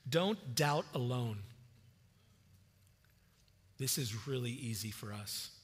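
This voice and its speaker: A man preaching a sermon as a pastor, conversational and animated, often repeating words as he starts a phrase. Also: medium pitch, slow pace, husky, big-room sound.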